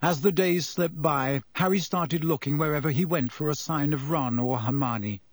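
A man reads a storybook aloud in a steady, clear narration. His voice sits slightly higher than typical for a man, and his delivery is measured. The sound is close and dry, with no room echo. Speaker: audiobook narrator.

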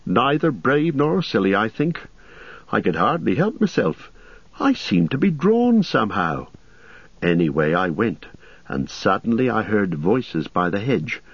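A jittery young hobbit played by a man talks high and breathless, words tumbling out in a rush. The voice is husky, the recording a little muffled. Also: very animated, a little slow, no room sound, exaggerated voice. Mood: shaken. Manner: urgent, tumbling storytelling.

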